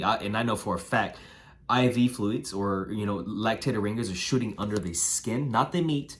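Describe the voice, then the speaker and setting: Man, young, fairly low voice, hoarse and nasal, chatty repetitive breeding advice. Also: fairly bright tone. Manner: talkative, repeats himself, tags lines with "right?" and "man". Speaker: dog breeder giving advice. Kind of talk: casual instructional vlog.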